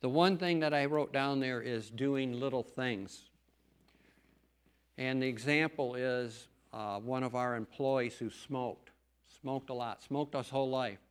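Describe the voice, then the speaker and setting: A middle-aged man speaks in an earnest, homespun way, leaning hard on key words as he shares his testimony. His voice sits at an ordinary pitch for a man. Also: a little slow, clean tone. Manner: earnest, folksy, emphatic. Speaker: lay preacher and farmer. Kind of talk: church testimony talk.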